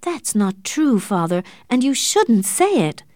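A woman reading an audiobook, voicing an earnest, anxious young woman, a devoted daughter, who speaks in a soft, pleading way. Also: mid-range voice, slow, no echo, clean studio sound, natural voice.

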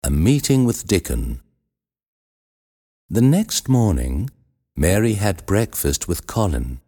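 A man reading a children's storybook aloud as narrator, measured and expressive, with a husky voice. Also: low-pitched.

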